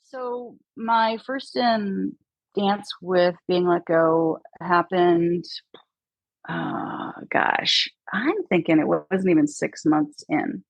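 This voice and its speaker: A woman chatting casually as a guest, telling animated stories and mimicking people in hushed voices. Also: on the low side, extremely slow, vocal fry, no echo, muffled recording. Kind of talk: casual chat.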